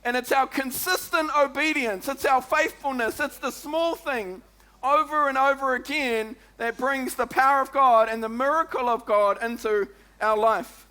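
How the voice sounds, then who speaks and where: A man with a New Zealand accent preaching a sermon as pastor, in a chatty, lively way that keeps calling out "come on" and "eh?" to the congregation. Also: extremely high pitch, normal speed.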